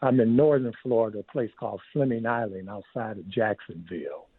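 A man's voice: on the low side, fairly quick, breathy edge. A man from Detroit calling in to a radio show, plainspoken and matter-of-fact. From Detroit, Michigan. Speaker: caller. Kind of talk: phone-in comment. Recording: tinny dry phone line.

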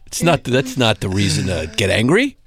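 A man's voice: fairly low pitch, huge pitch swings, normal speed. A man in casual chat, cutting in with dry, teasing quips.

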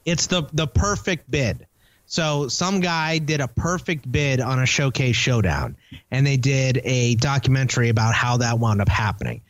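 A man's voice: medium pitch, animated, normal speed, no echo, lo-fi sound. A man co-hosting a casual podcast chat, telling stories and teasing his co-host. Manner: teasing, storytelling.

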